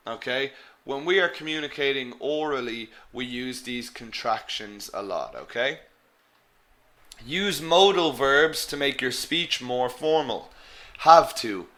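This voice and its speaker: A man's voice: mid-range voice, bright, forceful tone. A man teaching an English webinar, stressing each example phrase and calling his learners "guys". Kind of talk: live webinar lesson.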